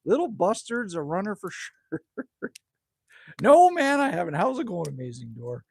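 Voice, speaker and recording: This is a man in his fifties from Canada, streaming live from a campfire at his cabin, where he reads viewers' comments and banters crudely with them. He has a high, sing-song voice with vocal fry and a slight roughness, moving at a moderate pace with no echo.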